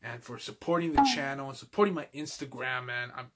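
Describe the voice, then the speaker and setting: A man's voice: medium pitch, expressive, brisk, fairly bright tone. A young man in a casual toy-collection vlog, laid-back and fond of calling everyone dude, tired and out of breath.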